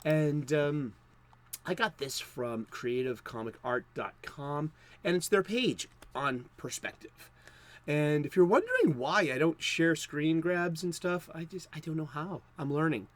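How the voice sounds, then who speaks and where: Rambling man, fairly high voice. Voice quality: rambling, many fillers and restarts. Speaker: comics video host. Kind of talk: unscripted casual talk.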